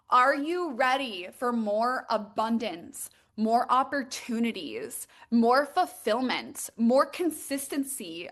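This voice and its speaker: A young woman runs a live-streamed coaching session and sits a little high in her register. She sounds bubbly and excitable, and "like" runs all through her speech. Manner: bubbly and excitable, heavy use of "like". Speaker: manifestation and mindset coach.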